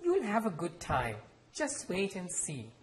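Man reading as a firm, brisk mother. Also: on the high side, lively intonation, voice pushed up, close to an everyday voice. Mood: stern. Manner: firm, clipped commands.

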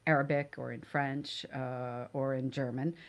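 Actress guest, female, low voice, anecdotal and chatty. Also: little pitch movement, a little slow. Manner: anecdotal, laughing often. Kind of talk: storytelling interview.

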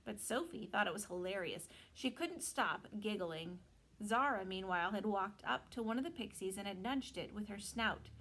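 A woman teacher reads a novel aloud to her students. Her storytelling is expressive, and her pitch sits in a middle range. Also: moderate pace, breathy edge, poor audio.

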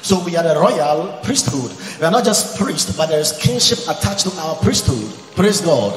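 Impassioned preacher in an echoing hall. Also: male voice, fairly high pitch, very animated, normal speed, faint music behind. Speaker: pastor. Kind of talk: sermon. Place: large church event hall. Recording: echoey hall recording.

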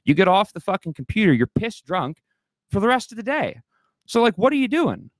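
A man's voice: sits high, very animated, brisk, dry recording. A man ranting heatedly as a livestream guest, swearing a lot and restarting his sentences. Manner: profane, agitated, rambling with many restarts.

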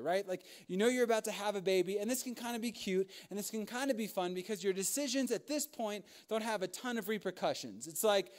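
A young man preaching to young adults, telling funny stories about fatherhood with lots of laughter and asides. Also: sits high. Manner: humorous storytelling with frequent laughs and asides. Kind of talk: sermon.

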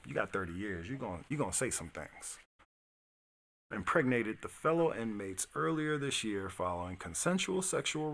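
A man's voice: mid-range voice, vocal fry, a bit bright, slight background noise. A man hosting a live stream, reading news articles aloud and breaking off into blunt, slangy reactions. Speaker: streamer host. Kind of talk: casual live-stream commentary.

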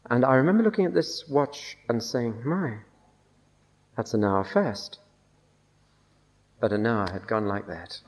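An older man speaks in a somewhat low voice. He preaches in a relaxed storytelling way, slipping in dry, wry asides as he recounts a personal testimony. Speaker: Bible teacher.

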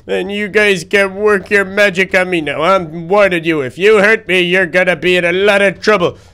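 A man voicing a cheeky, excitable young boy duckling in a Minecraft role-play, rambling and stammering. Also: high voice, smooth.

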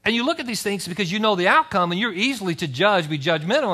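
Animated high-voiced male preacher. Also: quick pace. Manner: animated preaching, reads scripture aloud with asides. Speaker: pastor. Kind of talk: sermon. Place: church service.

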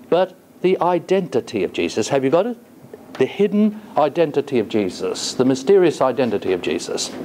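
A man lecturing in a college classroom, his fairly high voice rising and falling with lots of expression. He pauses often and keeps asking the room questions, with a faint hiss underneath. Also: darkish tone. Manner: asks the class rhetorical questions; thoughtful, with frequent hesitations.

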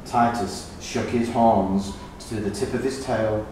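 A man reading a children's picture book aloud, slow and expressive. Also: lowish voice, slight background noise. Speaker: children's story reader. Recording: echoey room, distant mic.

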